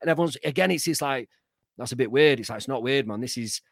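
Brief: male podcast host, mid-pitched voice, motivational and affirming, dry close-miked sound. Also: quick pace, no echo. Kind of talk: casual conversational interview.

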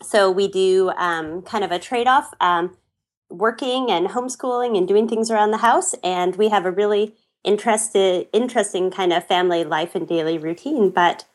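A Canadian woman with a Canadian accent, a podcast guest talking in a friendly, relaxed way. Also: medium pitch, moderate pace. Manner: friendly, relaxed, light fillers. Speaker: guest, blogger and entrepreneur. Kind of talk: casual podcast interview.

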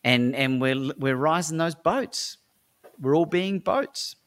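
Slow and a bit bright, with a fairly high pitch, an Australian man who works as a speaker and coach tells animated stories during a podcast interview. He's upbeat and motivational, often leaning on fillers like "right?".

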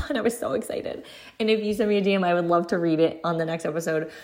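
A woman's voice: lowish voice, fast talker. A young woman hosting her own solo podcast, chatting earnestly and encouragingly with lots of casual fillers. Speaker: podcast host.

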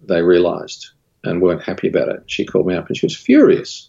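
As a guest in a laid-back interview, an Australian man who owns a studio and works as its creative director shares a candid story, his pitch lifting with animation as he relays dialogue. He speaks fairly quickly in a gravelly, breathy voice, with the highs cut off.

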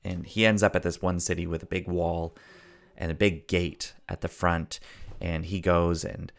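Male podcast host and story coach, low, gravelly voice, earnest and preachy, repeats key lines for emphasis. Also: little pitch movement, normal speed. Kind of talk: motivational podcast monologue.

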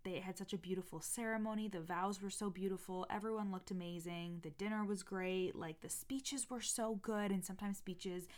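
A woman's voice: mid-range voice, fairly even intonation, moderate pace, hardly any pauses, a little mellow. A young woman hosting a casual, unedited podcast, gushing and swearing freely with lots of "like" and "um", her voice a little off today. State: voice a bit off. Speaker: podcast host and coach.

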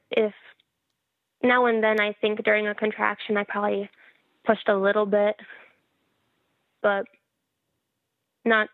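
A woman's voice: mid-range voice, gravelly, dry recording. A woman frankly telling her own story in a casual interview, wry and laughing at herself. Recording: tinny phone-like line.

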